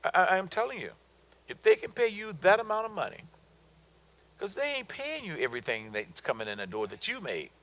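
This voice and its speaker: A middle-aged man, a guest speaker on business, gives a motivational talk to an audience in a high, very animated, brisk voice with a bright, forceful tone. He is emphatic and colloquial, telling stories and hammering home his points with repeated punchlines. The recording is low quality.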